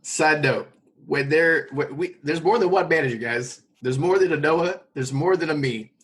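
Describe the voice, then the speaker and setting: A man's voice: fairly high pitch, moderate pace, a bit bright, husky. A man co-hosting a casual podcast, speaking frankly to listeners with asides. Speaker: podcast co-host, restaurant manager. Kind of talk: casual chat.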